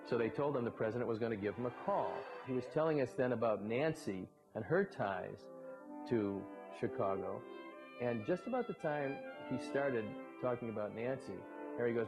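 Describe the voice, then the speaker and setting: A man, a former baseball broadcaster, telling anecdotes in a relaxed storytelling way. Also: lowish voice, fairly quick, lo-fi sound, loud music behind the voice. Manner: relaxed raconteur, briefly mimics others in quotes.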